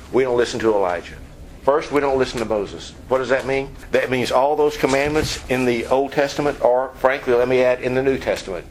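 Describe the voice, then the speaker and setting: A man preaching a sermon in a conversational way, asking the listeners questions and dropping low and quiet on key points. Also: a little hiss or hum, rough recording. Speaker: pastor.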